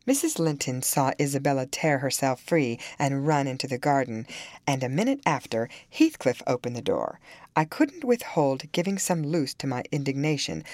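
Woman reading an old novel aloud, low voice, lots of swing, dry close sound. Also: no room sound. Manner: expressive dramatic reading. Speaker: audiobook reader. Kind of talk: storybook narration.

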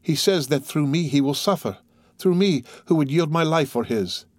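A man voicing a devoted young woman in an audiobook, speaking gently and earnestly. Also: a little high, animated, moderate pace, no room sound, clean studio sound, pitched above the performer's own voice, natural voice. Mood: ardent.

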